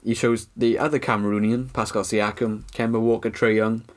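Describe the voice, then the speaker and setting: A man's voice: on the low side, level tone, brisk. A man co-hosting a casual podcast, teasing and laughing easily. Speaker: podcast co-host. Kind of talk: casual sports chat.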